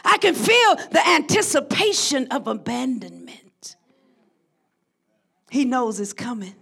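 A woman preaching a sermon who swings from hushed, drawn-out lines to shouted crescendos and calls out to her congregation. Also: sits high, sing-song, creaky, husky. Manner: call-and-response with the congregation.

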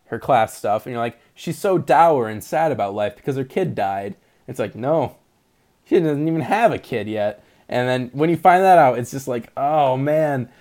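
A young man co-hosting a casual movie podcast, excited and rambling, laughing often. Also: mid-range voice. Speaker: podcast co-host.

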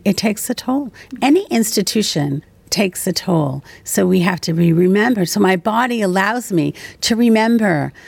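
A woman's voice: low-pitched, gravelly, darkish tone, dry recording. A woman who teaches education at a university, talking earnestly and passionately in an interview, often restarting her sentences. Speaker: education professor, interview guest. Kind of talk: reflective conversational interview.

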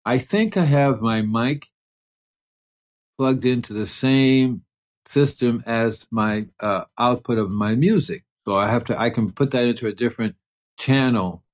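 A man's voice: mid-range voice, unhurried, muffled recording. A man hosting a casual gardening radio show, rambling with many fillers and restarts over music. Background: music under the voice.

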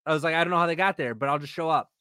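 A man's voice: on the high side, very fast, clear, resonant tone, no room sound, studio quality. A man chatting as a podcast guest, telling stories and acting out what people said. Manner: animated storyteller who acts out quoted lines. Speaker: podcast guest, comic creator. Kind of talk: casual chat.

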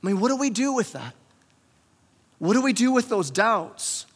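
A man's voice: high-pitched, very animated, normal speed, slightly rough, big-room sound. A man preaching a sermon as pastor, in a conversational way that often repeats words as he restarts. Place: church sanctuary.

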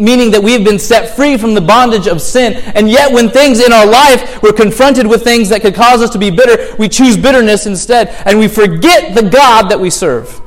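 Acting out complaining prayers and posing rhetorical questions to the congregation, a pastor with a high-pitched voice preaches a sermon in an earnest manner.

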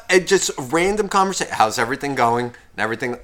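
A man co-hosting a casual podcast, swearing constantly and acting out his phone calls in loud rants. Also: high voice, sing-song, quick pace. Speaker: podcast co-host.

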